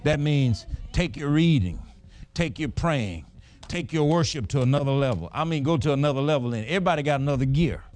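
High-voiced preacher man, lively storytelling. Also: brisk. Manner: storytelling preacher, shouts and laughs while telling it. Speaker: pastor. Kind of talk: sermon.

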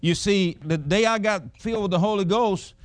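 A man's voice: high voice, normal speed, no room sound. A middle-aged man preaching a sermon, folksy and emphatic, chuckling as he tells personal stories.

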